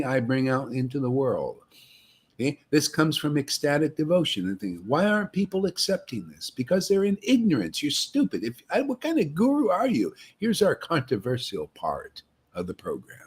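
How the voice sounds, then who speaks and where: A man's voice: a little high, wildly swooping pitch, moderate pace, breathy edge. A man preaching to a devotee meetup, taunting and confrontational, often ending phrases with "man" and "see?". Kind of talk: impassioned street-style preaching.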